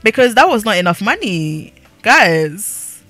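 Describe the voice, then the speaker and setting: A woman's voice: mid-range voice, very animated, a little slow, a bit bright, dry recording, faint music behind. A young woman giving sassy, laughing commentary while playing a life-sim game. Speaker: gaming YouTuber. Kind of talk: let's-play commentary.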